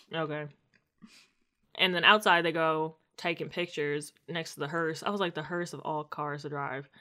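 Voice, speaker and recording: A woman's voice: low-pitched, unhurried. A woman co-hosting a podcast, casually recapping a TV episode and acting out the characters' lines. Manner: animated storytelling, acts out quotes. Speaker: podcast co-host.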